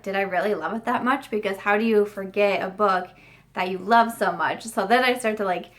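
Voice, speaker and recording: A woman book vlogger in her thirties, talking casually to her viewers. She rambles in a friendly way, restarting her sentences and filling pauses as she thinks aloud. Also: mid-range voice, fairly bright tone. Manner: chatty, with frequent restarts and fillers. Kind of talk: casual chat to camera.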